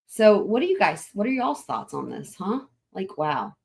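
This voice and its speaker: A woman's voice: medium pitch, big pitch swings, normal speed, gravelly, breathy edge. A woman hosting a casual livestream, chatting with her viewers in a rambling, laughing way, with a lilt. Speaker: livestream host.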